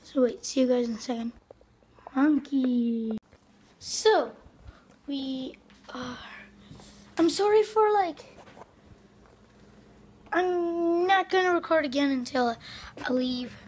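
High-voiced rambling woman vlogger from Canada. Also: slight background noise. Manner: rambling, excitable, lots of "like" and "yeah". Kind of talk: casual vlog. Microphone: phone on a selfie stick.

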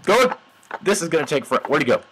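Goofy, animated young man narrating gameplay. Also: on the high side, very fast, low-quality recording. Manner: goofy, mock-dramatic, talks to game animals. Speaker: gameplay commentator. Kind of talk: casual gameplay commentary.

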